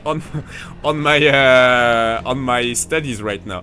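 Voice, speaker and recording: A man with a French accent, a French native speaker, chatting casually on a live game stream in a rambling, excitable way with lots of fillers. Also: mid-range voice, slow pace, soft background music.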